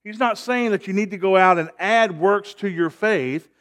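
A man's voice: sits high, moderate pace, fairly bright tone. A man preaching a sermon as pastor, emphatic and rising in volume on key points.

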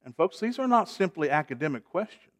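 High-voiced emphatic preacher. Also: male voice, very animated, fairly quick. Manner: emphatic preaching, rising in volume on key points. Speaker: pastor. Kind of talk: sermon.

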